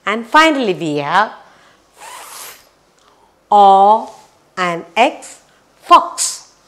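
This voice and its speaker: A woman teaching a children's phonics lesson, sounding out letters slowly and repeating each one. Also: mid-range voice, big pitch swings, a bit bright.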